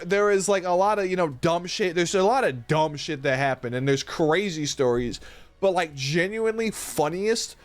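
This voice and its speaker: High-voiced young streamer, profane and rambling. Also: male voice. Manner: profane, rambling, laughs a lot. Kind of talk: casual storytelling on a live stream.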